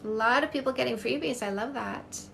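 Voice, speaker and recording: Gushing high-voiced woman on a phone live stream. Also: gravelly, a bit bright, slight background noise. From Canada. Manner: effusive, gushing, quick and chatty. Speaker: dating coach hosting a live stream. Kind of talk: casual live-stream chat reading viewer comments.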